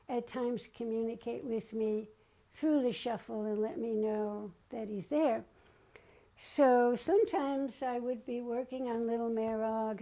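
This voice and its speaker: Here a guest, an older woman, chats through personal stories, voicing remembered dialogue as she goes. Her voice is a little high, creaky, and warm, on a low-quality recording.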